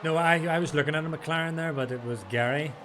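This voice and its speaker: A man's voice: fairly high pitch, quick pace, noisy background. An older man doing casual, self-deprecating banter while commentating a sim race.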